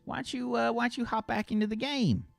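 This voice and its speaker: A man's voice: very high voice, fairly even intonation, fast, vocal fry, dry recording, pitched above the performer's own voice. A man voicing a folksy Wild West blackjack dealer with a put-on Southern drawl and a chummy, coaxing manner.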